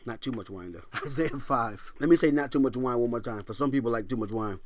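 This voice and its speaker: A middle-aged male pastor preaching a sermon, swinging from hushed whispers to loud, emphatic lines and repeating phrases for emphasis while quoting scripture in old-fashioned wording. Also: mid-range voice, lively intonation, fairly quick, a little hiss or hum.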